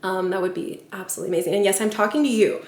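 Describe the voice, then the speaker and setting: In an echoey home kitchen, a woman vlogger chats to her viewers in a mid-range, darkish voice that races along. As a channel host talking casually to camera, she gushes and chats, packing her speech with filler words.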